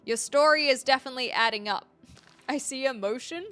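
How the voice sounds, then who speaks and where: Bright-voiced American woman streamer. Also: high-pitched, fairly quick, smooth. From United States. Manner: chatty, laughs often, reads chat messages aloud. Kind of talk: casual live game commentary.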